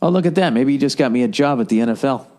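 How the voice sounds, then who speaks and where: Alone on his podcast, a middle-aged man delivers a loose, rambling, ranting monologue in a racing, mid-range voice with a darkish tone. He swears constantly and sounds exasperated, hopping from one thought to the next.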